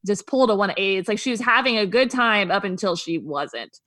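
A woman's voice: mid-range voice, lively intonation, a little fast, a bit bright, dry recording. A woman co-hosting a podcast, chatting casually and gossiping, laughing a lot and acting out quotes. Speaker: podcast co-host. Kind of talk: casual chat.

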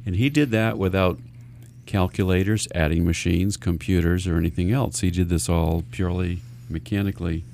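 A man with a low, gravelly voice hosts a radio talk show as a financial advisor. He explains things earnestly, restarting his sentences often as he goes. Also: fairly even intonation, moderate pace, darkish tone, slight background noise.

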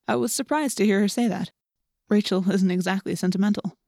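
A woman's voice: medium pitch, no room sound. Woman reading an audiobook, dry close sound. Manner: measured, even storytelling. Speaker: audiobook narrator. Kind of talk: first-person audiobook narration.

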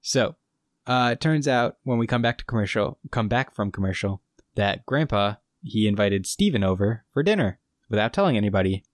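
A man's voice: lowish voice, lively intonation, moderate pace, no room sound. A man co-hosting a podcast, casually recapping a TV episode and quoting its lines with frequent laughs. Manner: retells scenes with quoted lines, laughs often. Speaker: podcast co-host.

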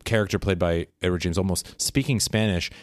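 A man co-hosting a casual chat, animated and quick, tripping over his words as he rushes to make his points. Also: low-pitched, no echo, clean studio sound. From United States. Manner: animated, talks fast with laughs and restarts. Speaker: podcast co-host.

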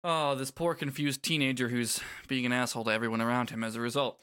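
A man's voice: medium pitch, little pitch movement, quick pace, fairly bright tone, clear, resonant tone. A man co-hosting a casual podcast, reading game dialogue aloud and joking with profanity. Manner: profane, jokey, laughs often. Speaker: podcast co-host.

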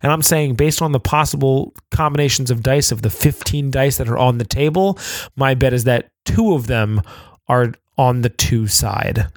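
A man's voice: medium pitch, moderate pace, no room sound. A man co-hosting a podcast, explaining game rules in casual chat, rambling with lots of fillers and restarts. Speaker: podcast co-host.

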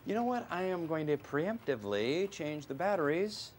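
A man's voice: fairly high pitch, sing-song, moderate pace, a little hiss or hum. A man acting an over-eager, courteous husband in a comedy sketch, speaking in a chipper, eager way.

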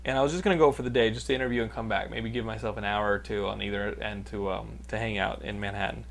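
A man's voice: fairly low pitch, fairly even intonation, fast, gravelly. A man in his thirties from Texas, hosting a casual podcast and telling rambling, profane stories that he laughs through. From Texas, United States. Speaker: podcast host. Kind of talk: casual podcast chat and storytelling.

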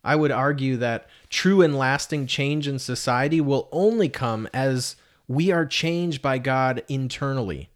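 A man's voice: medium pitch, unhurried, hardly any pauses. A man preaching a sermon in an earnest, conversational way, asking rhetorical questions. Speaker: pastor.

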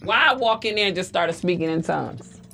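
A woman's voice: on the low side, lively intonation, a little fast, vocal fry, bright, forceful tone. A middle-aged woman telling a profane story in a casual way and laughing often. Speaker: storyteller guest.

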